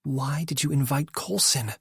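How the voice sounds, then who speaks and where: A male narrator voicing a bold young woman who speaks in a hushed, conspiratorial way. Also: mid-range voice, normal speed, creaky, husky, no echo, studio quality, pitched above the performer's own voice, exaggerated voice.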